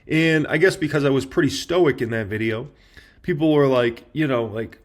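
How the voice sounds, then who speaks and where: A man in his thirties hosting an investing channel, talking straight to his viewers in an animated, casual way. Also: mid-range voice, normal speed. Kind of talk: casual reaction commentary.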